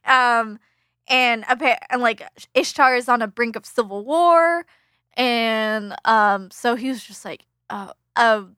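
A woman's voice: a little high, slow, sharp tone, clean tone, dry recording, studio quality. A woman co-hosting a podcast who rambles through a casual film recap, full of fillers and laughter. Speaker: podcast co-host.

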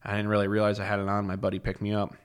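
Give me a young man with a low voice, telling animated, profane stories as a podcast guest. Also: very fast, clear, resonant tone. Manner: animated, profane, full of filler words. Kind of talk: casual storytelling.

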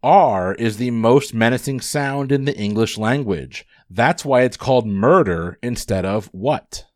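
A man's voice: mid-range voice, unhurried, a little mellow, no room sound. Upbeat man hosting trivia, dry sound. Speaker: trivia quiz host.

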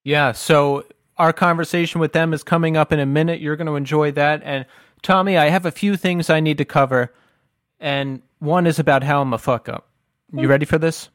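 A man co-hosting a casual podcast, his voice sitting a little high for a man. He teases his partner and swears freely. The sound is dry and close, with no room echo. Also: fairly even intonation, a little fast, fairly bright tone. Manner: teasing, joking, swears freely. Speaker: podcast co-host.

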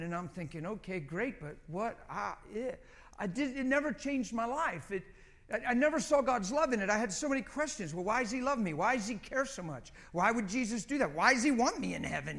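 A middle-aged man preaching, telling a personal story in an animated way and often repeating words. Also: high voice. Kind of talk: sermon.

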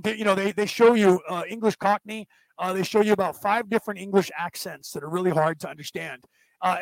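A man hosts a class in a rambling, digressive lecture, often restarting and repeating words and checking in with listeners with "right?" and "okay?" His voice is high-pitched, and the low-quality recording has no echo.

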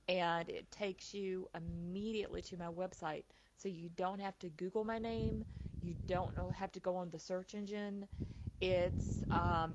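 A woman's voice: on the low side, background noise. A woman hosting a call-in psychic radio show, chatting casually with many ums. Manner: chatty, with fillers like um and uh. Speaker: psychic medium and radio host. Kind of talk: casual talk radio chat. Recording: dull, lo-fi line.

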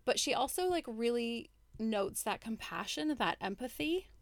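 A woman's voice: fairly high pitch, animated, normal speed, dry recording. A woman in her thirties co-hosting a book podcast, chatting casually and upbeat with lots of "like". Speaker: podcast co-host. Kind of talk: casual book club chat.

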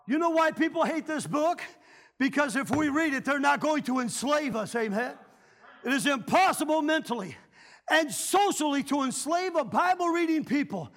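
A middle-aged male pastor, preaching a revival sermon fervently, often shouting. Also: extremely high pitch. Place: church sanctuary.

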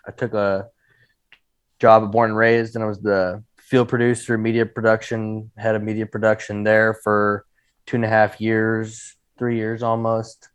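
Male podcast guest from Oregon, lower voice, chatty and upbeat. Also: completely flat delivery, measured pace, clear, resonant tone, dry recording. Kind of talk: casual podcast chat.

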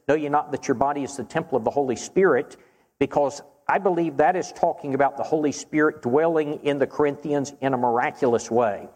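A man preaching and answering Bible questions in an earnest, measured way, slowing down to stress key phrases. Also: fairly high pitch, darkish tone. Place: church auditorium. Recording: long reverb of a church hall.

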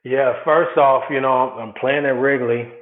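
A man's voice: mid-range voice, measured pace. A man from Chicago, a former baseball player, telling his story as an interview guest and acting out the people in it. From South Side of Chicago. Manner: animated storyteller, acts out quotes. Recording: echoey, phone-like sound.

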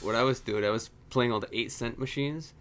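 A man's voice: mid-range voice, brisk, fairly bright tone. A man co-hosting a podcast, chatting casually with friends and laughing through his stories. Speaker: podcast co-host. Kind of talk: casual chat.

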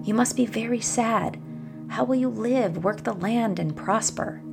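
Fretful villagers in a fable, exclaiming high and worked up, put on by a gravelly-voiced woman. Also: a little slow, music in the background. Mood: pitying. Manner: exclamatory, raised pitch.

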